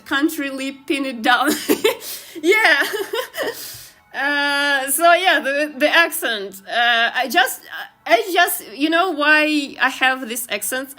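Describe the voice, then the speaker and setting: A woman's voice: high voice, bright, forceful tone. A young woman with a Slavic accent chatting casually on a live stream while drawing, giggly and trailing off with fillers. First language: Ukrainian. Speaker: streamer and artist.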